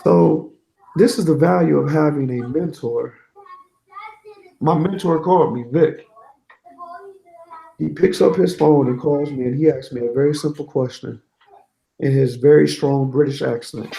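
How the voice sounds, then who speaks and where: A man being interviewed, telling a candid, animated story about his own setbacks and quoting others as he goes. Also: mid-range voice, normal speed, creaky, echoey room, poor audio. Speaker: guest, certified network engineer.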